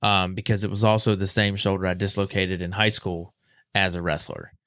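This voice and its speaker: Low-voiced man telling a story. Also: brisk, no room sound, clean studio sound. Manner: animated, acts out quoted voices. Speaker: podcast guest. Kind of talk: casual storytelling.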